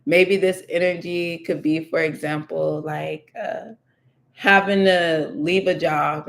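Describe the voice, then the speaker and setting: A woman's voice: low voice, gravelly. A woman giving a casual tarot reading, thinking aloud with many fillers and repeating her questions to the cards. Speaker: tarot reader.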